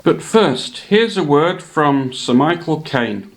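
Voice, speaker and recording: A man giving a casual show-and-tell of his hobby models, rambling with many pauses and fillers. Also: on the high side, lively intonation. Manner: meandering, many ums and uhs.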